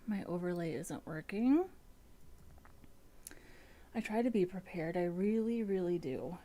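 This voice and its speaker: A woman's voice: mid-range voice, expressive, measured pace, dark tone. A woman chatting casually at home as host of a front-end coding live stream, rambling and restarting her sentences.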